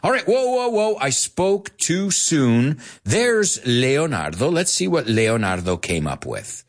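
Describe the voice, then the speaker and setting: A man with a slightly husky voice teaches English on a live show. His pitch swings all over the place as he jokes with his viewers. He drops Spanish phrases into his explanations. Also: takes it slowly. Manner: playful, animated, jokes with viewers. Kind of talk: live language lesson.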